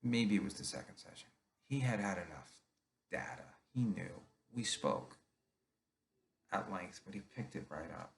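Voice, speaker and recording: A man's voice: deep voice, lively intonation, a little slow, creaky, a little hiss or hum. A middle-aged man from New Jersey telling his own story in a candid, confessional monologue.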